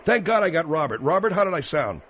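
A man hosting a comedic radio call-in show, who talks in a calm, reasoning way and keeps pressing his point. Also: fairly high pitch, quick pace, a little hiss or hum. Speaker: radio talk show host. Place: radio studio.

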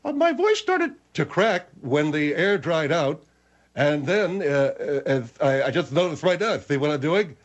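A man voicing a pompous old general with a squeaky, lisping, cracking voice. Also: very animated, a little slow, highs cut off. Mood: indignant. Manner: indignant and self-important.

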